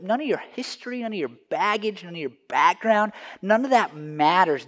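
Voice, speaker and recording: A man, a pastor, preaching a casual, conversational sermon in a church and often restarting his sentences. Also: mid-range voice. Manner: conversational, restarts often, drops to a soft hush for the story.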